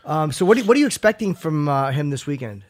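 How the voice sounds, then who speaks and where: A man hosting a radio interview, asking questions quickly and stumbling over his words. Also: fairly high pitch, sing-song. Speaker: radio host.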